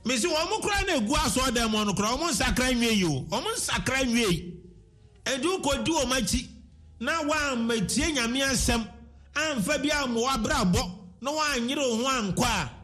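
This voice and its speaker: A man's voice: very high-pitched, expressive, normal speed, pushed and bright. A man with a Ghanaian accent preaching a sermon, switching between English and Twi, repeating his words and sometimes singing his phrases.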